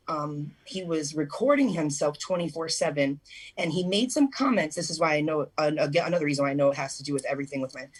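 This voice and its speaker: Young woman guest on call-in radio, husky voice, rambling emotional story, lots of restarts. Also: low voice. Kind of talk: call-in radio interview, personal account.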